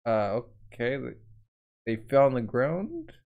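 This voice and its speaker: A man's voice: medium pitch, huge pitch swings, slow pace, phone-quality sound. A man hosting a live comic reaction, narrating the panels aloud and adding his own sound effects.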